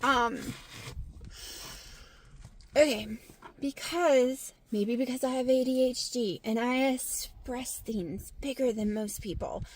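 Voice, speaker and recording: A woman with a Southern American accent, talking frankly to camera in a casual vlog, getting loud and animated when excited. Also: a little high, slow pace, pauses often. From Southern United States. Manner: frank and blunt, swears freely. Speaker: vlogger.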